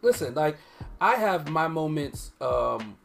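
A woman's voice: deep voice, sing-song, slow pace, creaky. A woman co-hosting a podcast in casual chat, blunt and swearing freely. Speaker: podcast co-host.

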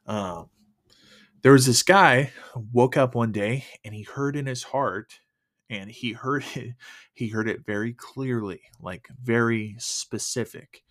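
Male podcast host, testimony storyteller, halting delivery, mid-pitched. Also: a bit bright. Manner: halting, full of fillers and restarts.

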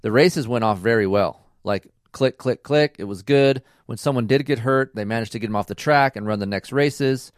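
A middle-aged man hosting a podcast, telling a rambling racing story in a casual, animated way and acting out the dialogue. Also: mid-range voice, normal speed, hardly any pauses, no room sound, studio quality. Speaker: podcast host and racing dad.

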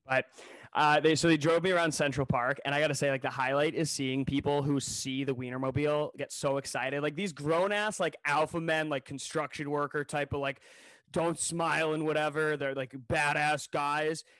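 Animated joking man, dry close sound. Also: on the high side, normal speed, no echo. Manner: animated, jokey storyteller who acts out quotes. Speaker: podcast co-host. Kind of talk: casual storytelling chat. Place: New York City.

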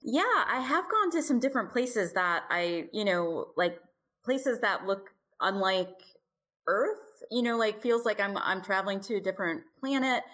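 Podcast cohost woman, laid back chatty talk, lots of soft mm-hmms. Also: mid-range voice, a little slow. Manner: relaxed, gives frequent soft listening sounds. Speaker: podcast co-host. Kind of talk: casual conversation.

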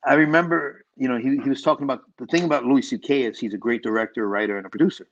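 A filmmaker guest chatting casually in an interview, rambling through animated stories with lots of restarts. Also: male voice, mid-range voice, racing, muffled recording.

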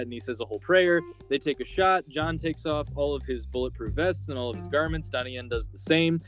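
A man's voice: mid-range voice, brisk, hardly any pauses, a bit bright, soft background music. A man hosting a podcast, casually recapping a film's plot with lots of filler words. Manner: rambling, filler-heavy storytelling. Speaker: podcast host.

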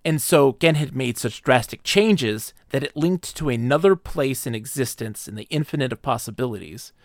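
A man co-hosting a podcast, retelling a book's plot in casual chat, jumping into quick character voices. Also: medium pitch, lively intonation, dry recording, clean studio sound. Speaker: podcast co-host.

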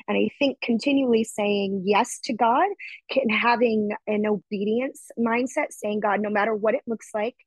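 A woman's voice: medium pitch, fairly even intonation, normal speed, breathy edge, dry recording, low-quality recording. A woman guest talking earnestly about her faith in a casual conversation, often quoting her own prayers aloud.

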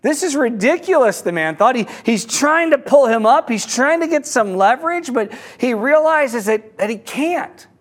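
A man telling a fable in a sermon, with a halting delivery full of repeated words and restarts. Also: extremely high pitch, lively intonation.

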